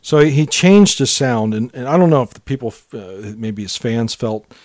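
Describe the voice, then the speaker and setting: A man co-hosting a podcast, chatting casually about old pop hits and telling stories, sometimes trailing off softly. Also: mid-range voice, lively intonation, normal speed, dry recording, clean studio sound. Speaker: podcast co-host. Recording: music playing under the talk.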